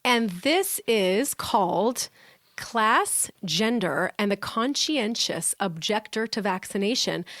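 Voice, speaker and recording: A woman in her thirties co-hosting a podcast in a relaxed, chatty way, giggling often and breaking off into quick asides. Her voice sits at a middle pitch and is recorded close and dry, with no room sound. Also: no room sound. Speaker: podcast co-host. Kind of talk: casual podcast chat.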